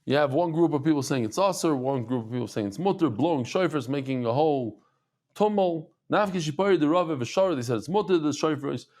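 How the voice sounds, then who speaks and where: A man teaching a Talmud class, telling stories with animated asides and acted-out voices. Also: on the high side, fairly quick. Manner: animated storytelling, acts out voices, laughs.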